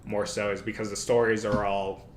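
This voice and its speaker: This is casual study-stream talk from a male livestream host who thinks aloud and keeps correcting himself. His fairly low voice is flat in delivery and moderate in pace, recorded in an echoey room with faint noise.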